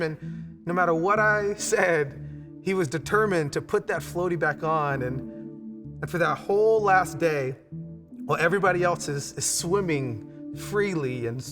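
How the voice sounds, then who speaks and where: A man's voice: fairly high pitch, moderate pace. A man in his thirties, a pastor, telling a family story in a conversational online church sermon with frequent restarts. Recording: long hall reverb with music behind.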